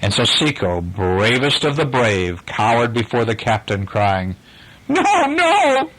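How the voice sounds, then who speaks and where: A man's voice: on the low side, measured pace, fairly bright tone, rough recording. An older man reading a bedtime story aloud to a child, with casual asides to the listener.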